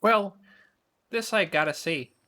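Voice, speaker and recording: A fretful one-eyed monster fellow, as a man reads him aloud, pitched well up and jumpy. He stammers when flustered and sounds nervous about everything. The lines come across as game dialogue read out in a put-on voice. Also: lively intonation, measured pace, pushed and bright. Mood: exasperated.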